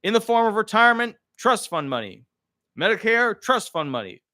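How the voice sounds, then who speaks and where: Pompous official, put on by a man, officious delivery, animated swings. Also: high-pitched, normal speed, dry recording, clean studio sound, voice pushed up, full character voice. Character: pompous government official addressing the public.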